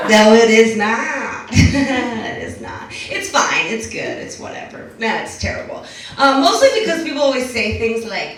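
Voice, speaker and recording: A woman's voice: fairly high pitch, big pitch swings, measured pace, slight background noise. A young adult woman doing a brash, profane, self-mocking stand-up set in a small club. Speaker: stand-up comedian. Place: small club with a live audience. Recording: distant mic in an echoey room with a laughing crowd.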